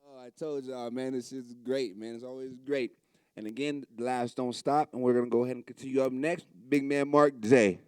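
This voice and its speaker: Smooth-voiced male comedy show host. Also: medium pitch, steady tone, fairly quick. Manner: hype-man introductions. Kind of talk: introducing comedians.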